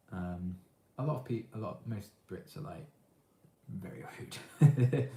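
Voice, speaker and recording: A young man with an English accent, casually answering chat questions on his livestream in a relaxed, hesitant way with lots of ums. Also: low voice. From England. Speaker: livestream host. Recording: echoey room.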